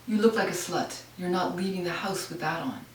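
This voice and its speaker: A woman's voice: lowish voice, a little fast, slight background noise, close to an everyday voice. A woman voicing a harsh, scolding father, in a roomy, distant home recording. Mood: berating. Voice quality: harsh, berating.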